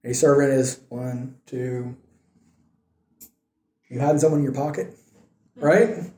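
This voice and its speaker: A man's voice: medium pitch, fairly even intonation, a little slow, mellow, reverberant, a little hiss or hum. Man retelling scripture with wry asides. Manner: conversational, storytelling, wry asides. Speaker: Bible study teacher. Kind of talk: casual Bible lesson.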